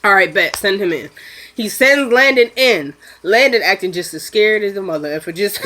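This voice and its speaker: A sniffly woman in casual chat, recapping a TV episode and acting out the characters' lines in quick asides. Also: mid-range voice, expressive, a bit bright.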